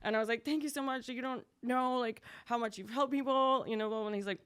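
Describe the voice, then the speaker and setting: A woman's voice: steady tone, fairly bright tone, slight background noise. Chatty woman guest telling her story. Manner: chatty, fast, acts out quotes in a higher voice. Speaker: podcast guest. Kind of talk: casual storytelling interview.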